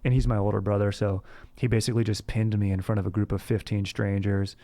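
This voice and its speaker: A young man hosting a comedy podcast does a rambling surfer-bro monologue, full of "dude" and restarted sentences. His voice is lowish and dark, quick-paced, with little pitch movement.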